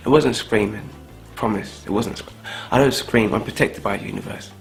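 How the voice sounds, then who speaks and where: A man's voice: fairly low pitch, moderate pace, vocal fry, soft background music. A man playing a smug new-age contestant who talks about energy, airy and dismissive. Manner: airy, dismissive, self-assured. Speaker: contestant in a mock dinner-party show. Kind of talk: improvised mockumentary acting.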